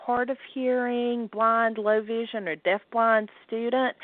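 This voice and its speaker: A woman with a Southern US accent, a guest on a radio show, explaining things clearly and in a friendly way. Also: on the high side, no room sound. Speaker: guest, communications specialist. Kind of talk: radio interview answers. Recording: dry phone line.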